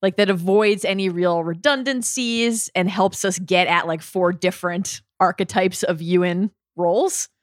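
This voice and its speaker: A woman on a podcast, asking measured, analytical questions in casual chat. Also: on the low side, dry recording, clean studio sound. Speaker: podcast guest.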